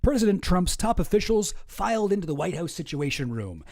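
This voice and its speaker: Rambling young man, mellow voice. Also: sits high, big pitch swings, brisk, creaky. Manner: rambling, swearing, restarts. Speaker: streamer host. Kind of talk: casual commentary reading news.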